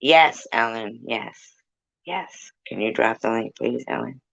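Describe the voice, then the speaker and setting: A woman's voice: very deep voice, slow, gravelly, fairly bright tone, muffled recording. A woman hosting a live stream, chatting with viewers in a rambling, swearing, casual way. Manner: rambling, swears a lot, sings snatches. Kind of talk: casual chat.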